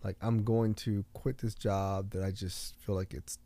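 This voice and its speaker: Low-voiced man, earnest storyteller. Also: little pitch movement, a little slow, gravelly, warm tone. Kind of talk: casual podcast chat.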